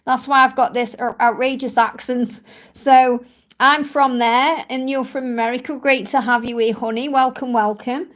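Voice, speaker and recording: A woman's voice: sits high, steady tone, normal speed, a bit bright. A woman from England with a strong Stoke-on-Trent accent, chatting and reassuring viewers as a spiritual reader in a live stream Q&A. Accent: Stoke-on-Trent English. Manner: chatty, reassuring, many "you know" fillers.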